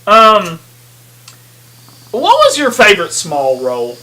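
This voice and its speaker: A man's voice: sits high, big pitch swings, slow, bright, forceful tone. A man co-hosting a podcast, chatting casually about a film, rambling with many fillers and laughs. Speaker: podcast co-host. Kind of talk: casual movie chat.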